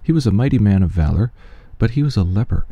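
A man giving a steady, measured reading of scripture, with quoted speech only lightly voiced. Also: fairly low pitch, breathy edge, dry recording, dull audio. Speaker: scripture reader.

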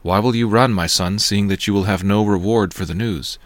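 Stern male commander, deep and dry; man reads it. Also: no room sound, lightly acted. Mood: firm. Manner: firm, measured reading.

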